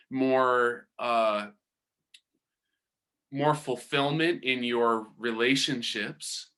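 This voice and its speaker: A man giving a reflective spiritual talk, speaking in a measured way and often pausing to search for words. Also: mid-range voice, bright, forceful tone. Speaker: spiritual teacher.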